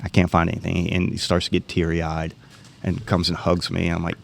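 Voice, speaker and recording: Deep gravelly man telling a story. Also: brisk. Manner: animated storyteller, acts out quoted dialogue. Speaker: guest telling a hunting story. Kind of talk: casual storytelling.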